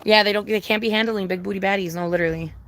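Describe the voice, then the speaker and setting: A woman's voice: medium pitch, fairly even intonation, racing, a bit bright. A young woman chatting casually with her viewers on a livestream, profane, emphatic and sassy, repeating her points.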